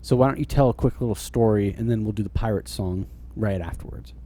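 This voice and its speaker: A man's voice: fairly low pitch, fast, dark tone. A man co-hosting a podcast in easygoing casual chat, often murmuring agreement. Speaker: podcast co-host.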